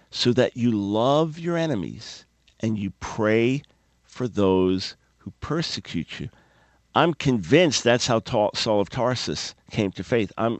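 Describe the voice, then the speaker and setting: A man's voice: mid-range voice, no room sound. A man hosting a radio talk show, teaching from the Bible in an emphatic, preacherly way and repeating key words.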